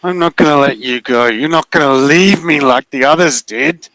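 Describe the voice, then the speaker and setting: Man putting on a booming, clingy unseen creature. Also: fairly bright tone, dry recording, rough recording. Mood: possessive. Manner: pleading and possessive, slow, drawn-out lines.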